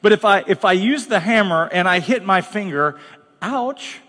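A man's voice: high-pitched, normal speed, a bit bright, long reverb tail. A man preaching as pastor, talking bluntly and conversationally with dramatic asides. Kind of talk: sermon. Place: large church hall.

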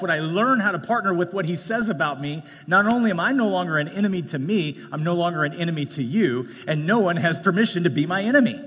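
A man preaching a sermon in a conversational way, jumping from loud, emphatic lines to hushed ones and slipping in joking asides. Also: sits high, breathy edge. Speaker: pastor. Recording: long reverb of a large hall.

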